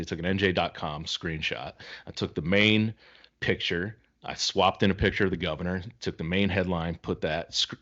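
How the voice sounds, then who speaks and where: A deep-voiced man co-hosts a casual podcast, spinning a story with lively acted-out voices for the people in it. The audio is a little dull and lo-fi. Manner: animated storyteller acting out quoted voices. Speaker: podcast co-host.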